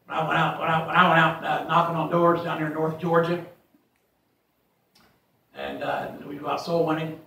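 A man with a fairly high voice leads a casual Bible study, wandering into folksy stories before reading verses with emphasis. He is from Ohio. The room echoes heavily and he sounds distant from the mic. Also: animated, normal speed, creaky, pauses often, bright, forceful tone. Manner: folksy, rambling, reads scripture aloud emphatically. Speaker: Bible teacher. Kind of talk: informal Bible study teaching.

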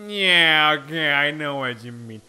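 Excitable young man commenting on a game. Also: fairly high pitch, unhurried, clear, resonant tone. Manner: excitable, swears casually, thinks aloud. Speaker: let's play host. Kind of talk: gameplay commentary.

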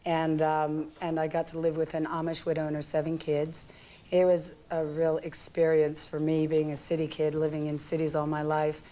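A woman's voice: sits low, monotone, normal speed, warm tone. A woman in her forties from California, a guest actress telling stories on a talk show and laughing often. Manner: chatty storyteller, laughing often. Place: TV studio.

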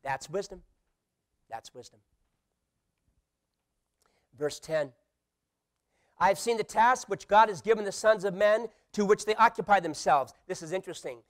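This middle-aged pastor's voice sits high, and he speaks a little slowly with frequent pauses. His sermon moves from quiet asides to loud, emphatic appeals, with playful impressions of the voices he quotes.

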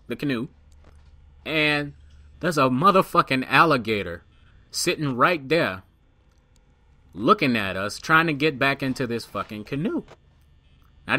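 A young man telling a funny story as voice-over commentary for his gaming channel, swearing freely and loudly acting out the quotes of the people in it. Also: medium pitch, no room sound.

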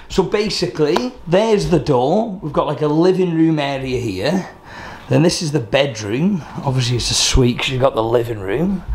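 Chatty guy, slightly high voice. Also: noisy background. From United Kingdom. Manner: chatty, upbeat and animated. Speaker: travel vlogger host. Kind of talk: casual vlog chat to camera and with locals.

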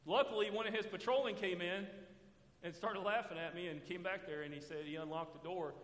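In a church sanctuary with long, echoing reverb, a man preaches a sermon in a high-pitched, slightly bright voice, brisk and steady in tone. He draws call-and-response from the congregation by letting them finish his sentences.

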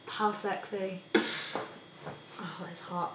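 A woman's voice: mid-range voice, fairly even intonation, very slow. A young woman vlogger chatting casually and giggling often. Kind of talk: casual chat. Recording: echoey room, mic far off, faint noise.

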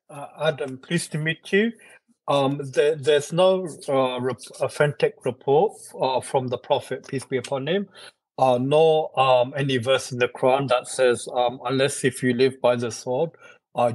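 A man answers in a debate over a video call. He speaks slowly, stopping often and filling the gaps with ums. The sound is dry and close. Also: medium pitch, fairly even intonation, a little mellow, no room sound, poor audio. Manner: slow, halting, heavy fillers. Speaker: Muslim panelist.

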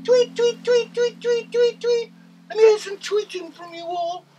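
A man voicing an excitable young male rabbit puppet who loves carrots and fears foxes, reading a children's story with sound effects and cheers. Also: brisk, distant mic, over loud music, poor audio. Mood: excited. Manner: squeaky, bouncy, full of sound effects and cheers.

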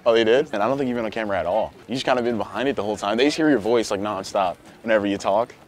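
A man's voice: lowish voice, very fast. A young man hosting a prank video, talking casually and pleading in a playful, provocative way.

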